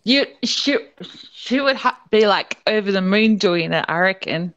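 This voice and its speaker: Slow-talking young woman on a call. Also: medium pitch, animated, muffled recording. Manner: laughs often, soft-spoken. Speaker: caller. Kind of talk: casual call-in chat.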